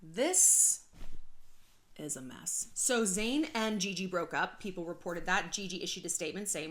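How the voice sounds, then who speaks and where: A woman's voice: medium pitch, very animated, moderate pace, fairly bright tone. A woman from California hosting a casual gossip commentary vlog, chatty and sarcastic, laughing often and swearing freely. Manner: frequent swearing. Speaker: YouTube host.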